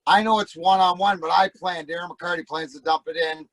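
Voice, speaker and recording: A middle-aged man tells rowdy, profane stories as a podcast guest, acting out other people's voices as he goes. His voice sits a little high, and the close podcast mic gives a dry sound with no room around it. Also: fairly even intonation, a little fast, fairly bright tone, no room sound, poor audio. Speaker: guest, former hockey player. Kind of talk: casual storytelling.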